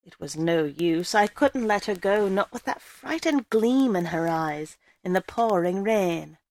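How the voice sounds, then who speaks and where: Woman reading a story out loud, measured and even, dry close sound. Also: mid-range voice, no echo. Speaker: story reader. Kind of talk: first-person story narration.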